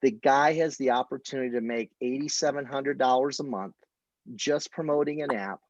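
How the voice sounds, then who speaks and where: Guy giving a casual sales training talk, lots of story bits, flat dry lo-fi sound. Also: medium pitch, normal speed, no room sound. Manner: storytelling, quoting conversations. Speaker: business opportunity coach.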